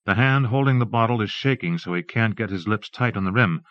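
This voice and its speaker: A man narrating a literary audiobook in a measured, even reading. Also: fairly low pitch, no echo. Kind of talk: scripted narration. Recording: dull dry tape recording.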